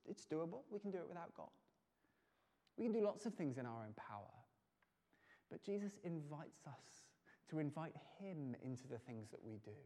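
A man preaching a sermon, earnest, moving between loud urging and soft, intimate passages. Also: on the high side. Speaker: pastor. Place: church hall. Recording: long reverb of a church hall.

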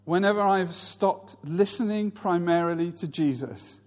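A man's voice: high-pitched, a little slow, big-room sound. A male pastor preaching a sermon, telling stories and mimicking other people's voices.

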